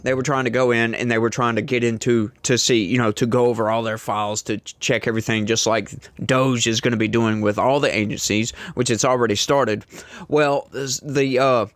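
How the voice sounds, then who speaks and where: A man's voice: mid-range voice, steady tone, brisk, no room sound. A man hosting a casual political commentary show, speaking emphatically and indignantly straight to his viewers.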